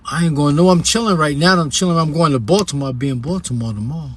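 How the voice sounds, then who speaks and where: Husky and fairly high, this New Yorker talks at a quick pace in his New York accent. He's an author on a casual livestream discussing his books and reading a passage aloud, profane and blunt with abrupt emphatic bursts.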